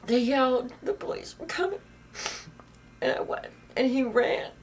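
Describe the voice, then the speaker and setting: Woman giving halting, raw testimony. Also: high voice, animated, slight background noise. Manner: halting, repeats phrases, grows intense and loud, drops to whispers. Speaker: interviewee. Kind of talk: personal testimony in a documentary interview.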